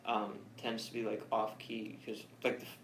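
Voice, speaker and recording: A man's voice: on the low side, monotone, normal speed. A man asking questions as a student in a casual voice lesson, hesitant and repeating words. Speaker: singing student. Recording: echoey room with faint noise.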